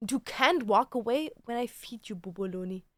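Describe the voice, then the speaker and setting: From home, a woman streams a casual chat in a fairly high, slightly bright voice with lively intonation and no room sound. She coos sing-song baby talk at her cats and swears casually between jokes, drawing out her joking phrases.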